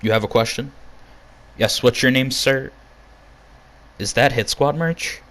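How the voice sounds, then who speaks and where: A man's voice: mid-range voice, fairly even intonation, measured pace, a bit bright. A man cutting a profane, ranting in-character wrestling promo.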